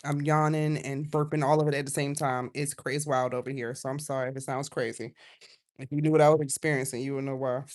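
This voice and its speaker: A woman giving a casual live tarot reading, chatty and loose, drifting from quiet asides to loud outbursts. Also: very deep voice, fairly even intonation, fast. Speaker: tarot reader.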